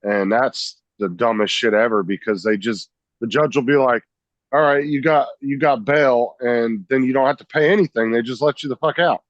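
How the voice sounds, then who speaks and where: A man's voice: medium pitch, dry recording. A man in a casual studio chat, giving blunt opinions and swearing freely. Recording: dry, dull lo-fi sound.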